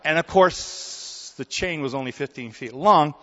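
A man preaching a sermon in a relaxed, conversational way, telling stories and often checking in with his listeners. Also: on the high side, unhurried. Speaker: pastor. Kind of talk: sermon with storytelling. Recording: dull recording in a hall with long reverb.

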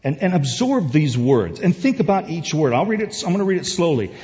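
A man's voice: on the high side, big pitch swings, a little fast, few pauses, a little mellow. A male pastor giving a conversational sermon that swells to emphatic peaks, recorded in a church sanctuary. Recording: dull distant sound in a reverberant hall.

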